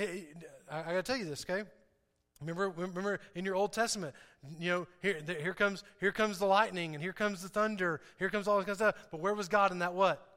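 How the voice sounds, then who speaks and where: A man preaching a sermon as pastor, animated and emphatic, often repeating his key phrases. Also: high-pitched, long reverb tail.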